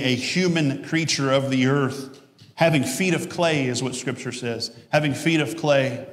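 A male pastor giving a conversational sermon with jokes, asides and self-corrections. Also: medium pitch. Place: church sanctuary. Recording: echoey church hall.

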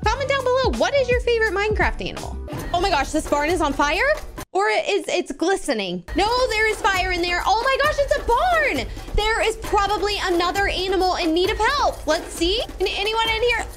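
A young woman with a very high voice gives bubbly, gushing commentary while she plays a game. Her pitch leaps and swoops all over as she coos at the animals on screen, with music running behind her. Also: animated, normal speed. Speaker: gaming channel host. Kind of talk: playing a video game with live commentary. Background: background music.

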